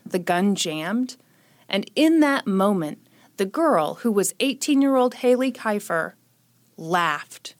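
A woman's voice: medium pitch, expressive, takes it slowly, no room sound. A woman hosting a podcast who tells a true crime story and chats in a jokey, sarcastic way, short on sleep. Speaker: podcast host.

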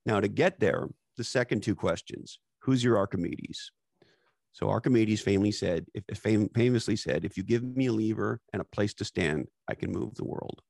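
A podcast host with a low, gravelly, creaky voice speaks at a normal pace, sounding a little mellow. He's emphatic and blunt, tossing in casual swearing and catchphrases. The recording is dry and close, with no echo.

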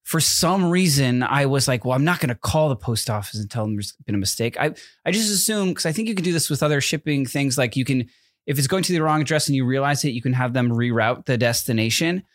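In a clean studio recording with no echo, a man in his thirties co-hosts a podcast, speaking fast and animatedly at a medium pitch. He rambles through a story full of fillers and acted-out quotes in casual chat.

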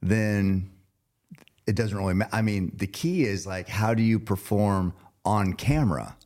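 A man's voice: fairly low pitch, unhurried, a little mellow. A man hosting a podcast interview, chatting casually in a rambling, joking way and laughing often. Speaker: podcast host.

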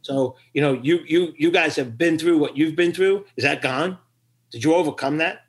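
A man's voice: a little high, moderate pace. A middle-aged man tells a story as a podcast guest, with a slightly raised voice. He acts out other people's lines as he goes and laughs often, then turns earnest at the close. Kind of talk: storytelling interview.

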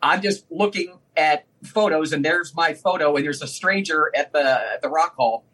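A man with a high, husky voice, talking casually as a guest. He is a former radio DJ from Northeast Ohio. He tells animated stories and laughs often. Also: normal speed, rough recording. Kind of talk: casual conversation, storytelling.

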